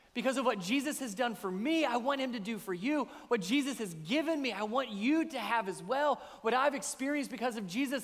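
A man's voice: high-pitched, fairly bright tone, in a large hall. A man, preaching a conversational sermon as pastor and often asking rhetorical questions.

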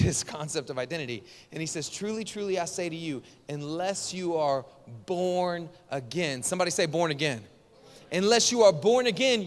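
A man's voice: high voice, in a large hall. A man preaching a sermon as a pastor, telling stories with energy and calling the congregation to respond. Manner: animated storytelling, congregation call-and-response.

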